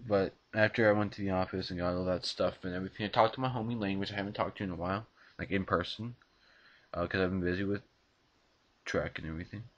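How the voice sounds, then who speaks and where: A teenage guy rambles through his day for a vlog, cursing freely and tripping over his words. His voice sits very low, and the recording is a little dull and lo-fi. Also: fairly even intonation, fast, a bit bright. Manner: rambling, swears a lot, stumbles over words. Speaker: vlogger.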